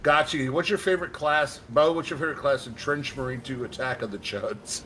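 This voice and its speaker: A man's voice: mid-range voice, brisk, crowd noise. A man joking crudely with friends during a game, teasing and laughing as he talks. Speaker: co-player in a gaming stream. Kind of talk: casual gaming chat.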